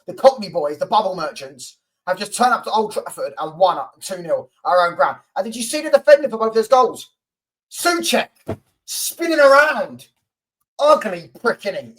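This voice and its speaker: A man's voice: high voice, fairly bright tone, poor audio. A man hosting a football fan channel, ranting angrily and repetitively with lots of swearing. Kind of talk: angry fan rant to camera.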